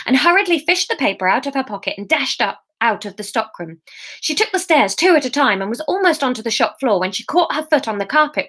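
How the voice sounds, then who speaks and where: A woman's voice: medium pitch, fairly bright tone. Chatty woman reading her novel aloud. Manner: chatty, giggly, self-mocking. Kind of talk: live reading with chat asides.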